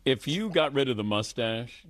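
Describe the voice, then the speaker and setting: A man's voice: medium pitch, lively intonation, moderate pace, fairly bright tone, no room sound. Sports radio host, a man, dry ribbing tone, in a dead studio. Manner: dry teasing, laughs easily. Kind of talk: casual chat.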